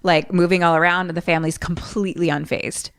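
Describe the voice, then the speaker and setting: A woman co-hosting a podcast, recapping a film in an animated, chatty way full of "like". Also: lowish voice, fast talker, dry recording. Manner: chatty, animated retelling with lots of "like". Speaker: podcast co-host. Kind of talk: casual movie recap chat.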